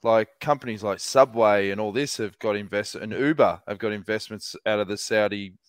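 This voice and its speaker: An Australian man with a mid-pitched voice co-hosts a podcast. He tells jokey, sweary stories, and his voice comes across dry and close. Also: normal speed, clear, resonant tone, dry recording. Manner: joking storyteller, sweary. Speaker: podcast co-host. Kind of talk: casual chat.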